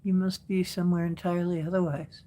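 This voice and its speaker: A woman hosting a casual live stream, chatting with viewers and answering their comments in an unhurried way with frequent laughs. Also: lowish voice, level tone, warm tone.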